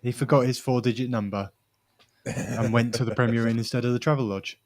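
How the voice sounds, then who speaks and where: A man co-hosting a casual podcast, chiming in with quick quips and laughter. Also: mid-range voice, fairly even intonation, no room sound. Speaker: podcast co-host. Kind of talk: casual chat.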